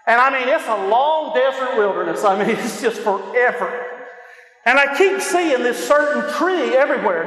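High-voiced preacher shouting in a hall. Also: male voice. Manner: impassioned, often shouting, laughs between stories. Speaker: pastor. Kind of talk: preaching a sermon. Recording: echoey hall with long reverb.

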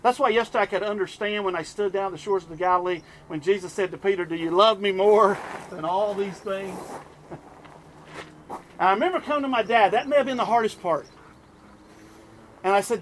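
A middle-aged man from the US East Coast preaching a sermon, telling stories in an animated way and chuckling often. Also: high-pitched, fairly quick, long pauses, a little hiss or hum.

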